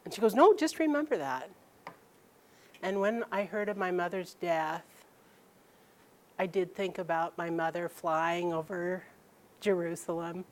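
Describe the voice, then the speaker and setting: A middle-aged woman telling a personal story to an audience, animated and laughing as she quotes her mother. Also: on the low side, measured pace, slight background noise.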